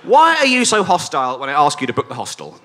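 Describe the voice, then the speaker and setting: A man's voice: on the high side, huge pitch swings, quick pace, background noise. A man hosting a live comedy podcast on a festival stage, playful and hamming it up. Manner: playful, sings and hams it up. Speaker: host.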